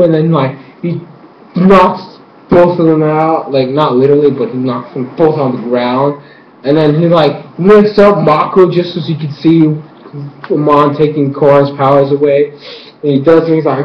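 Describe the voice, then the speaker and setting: A young man giving an excited, rambling fan recap of an episode, acting out scenes with yelps and sound effects. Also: fairly high pitch, moderate pace. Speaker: fan reviewer. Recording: lo-fi echoey room, faint ambience.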